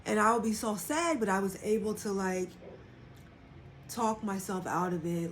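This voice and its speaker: A woman's voice: mid-range voice, unhurried, a little hiss or hum. A woman hosting a livestream, talking candidly and casually about her own experience, and acting out quoted dialogue in changed voices. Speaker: livestream host. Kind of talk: casual personal reflection.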